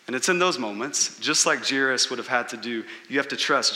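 A male pastor preaching a sermon in a lively, conversational way, dropping his voice low to stress key points. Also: brisk, in a large hall.

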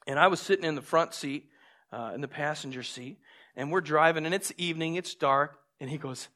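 A man preaching a sermon, telling stories with lively, acted-out moments and drawing lessons from scripture. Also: fairly high pitch, brisk. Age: adult with a young son. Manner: animated storytelling, acts out scenes. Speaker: pastor.

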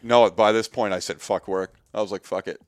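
Brisk and on the low side, the man's voice comes through clean with studio sound and no room sound. He's a guest in his thirties at a workshop, animatedly and candidly retelling his story, cursing a lot and voicing the quotes.

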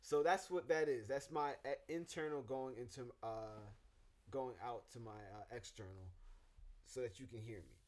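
Male podcast co-host, playful and animated, mid-pitched voice, casual advice chat. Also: moderate pace. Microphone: studio microphone.

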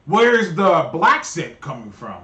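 A man's voice: a little high, big pitch swings, slow, pushed and bright. A man co-hosting a livestream, reading chat and asking questions with hesitant restarts. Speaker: stream co-host reading chat. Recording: roomy, off-mic sound.

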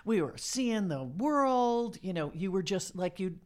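A woman's voice: medium pitch, animated, a little slow. A woman hosting a casual chat, talking in loose, rambling sentences and laughing often. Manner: chatty, laughs often, trailing restarts. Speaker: podcast host.

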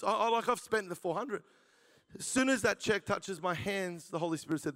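A man's voice: on the high side, brisk, a bit bright. A man, preaching his testimony as a jokey storyteller who laughs at his own lines. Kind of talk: sermon testimony. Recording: reverberant church hall.

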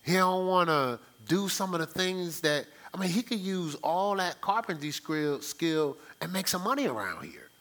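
A man's voice: high voice, expressive, moderate pace, few pauses, a bit bright. A man voicing a scoffing male neighbor who gossips and jeers about a man building an ark. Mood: mocking. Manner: gossipy, derisive, casual street talk.

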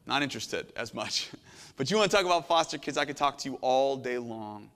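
A middle-aged man preaching a sermon as a pastor, earnest and emotional, swinging from hushed to intense. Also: medium pitch, animated, fairly quick, big-room sound. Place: church sanctuary.

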